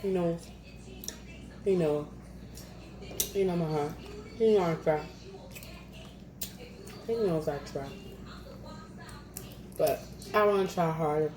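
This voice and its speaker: A woman's voice: lowish voice, takes it slowly, pauses often. A young woman chatting casually between bites in an eating vlog at home, laughing at herself as she goes. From New Jersey. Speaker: mukbang vlogger. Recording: echoey room, audible noise.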